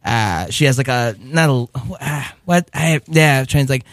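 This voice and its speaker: A man's voice: medium pitch, normal speed, dry recording, studio quality. A man chatting and riffing in a casual comedy podcast, laughing and slipping into silly voices. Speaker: improv comedy podcast regular. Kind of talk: casual improv banter.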